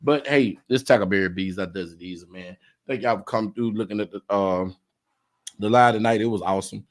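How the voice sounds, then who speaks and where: Low-voiced laid-back man hosting. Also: fairly quick. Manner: laid-back, drawling and preachy when signing off. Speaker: host of a live stream show. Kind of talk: casual panel chat and sign-off.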